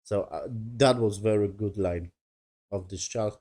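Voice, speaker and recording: Speaking in a fairly low, warm, unhurried voice, this man reviews a TV episode casually. His English is broken and non-native, and he wanders and curses as he recounts what happened.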